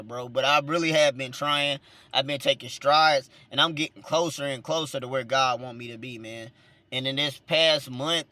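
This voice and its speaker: Sitting in a car, a vlogger and minister with a Southern accent tells a story in a medium-pitched, sharp voice with no echo. He rambles casually, repeats words, and chuckles between points.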